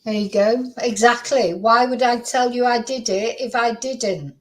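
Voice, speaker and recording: A woman hosting a true crime channel, talking casually and reacting in an animated, incredulous way, often repeating herself. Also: on the high side, a little slow, poor audio. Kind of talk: reacting to played clips, casual commentary.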